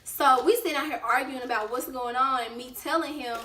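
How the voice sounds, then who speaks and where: A woman vlogger telling a casual storytime, lively and acting out what people said. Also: high voice, brisk, far from the mic, a little hiss or hum. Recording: roomy echo, away from the mic.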